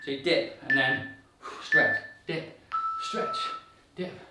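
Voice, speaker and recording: A man's voice: mid-range voice, slow pace, far from the mic, loud music behind the voice. A man coaching a workout, upbeat and encouraging, counting reps and slightly out of breath. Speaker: fitness coach. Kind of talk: guided workout instruction. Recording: very echoey room, voice off-mic.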